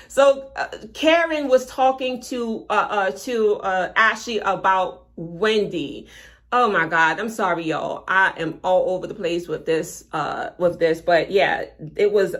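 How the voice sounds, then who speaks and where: A woman's voice: on the high side, fairly bright tone. Chatty woman recapping a reality show. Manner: chatty, self-correcting, with frequent fillers. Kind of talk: casual live-stream episode review.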